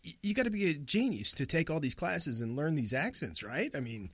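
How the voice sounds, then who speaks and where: A male host with a bright, lively voice, swinging up and down as he jokes with his guest. His sound is close and dry, and he laughs easily and talks with eager enthusiasm. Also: a little high, fairly quick, breathy edge, dry recording. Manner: jokey, enthusiastic, laughs a lot. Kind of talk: casual radio talk.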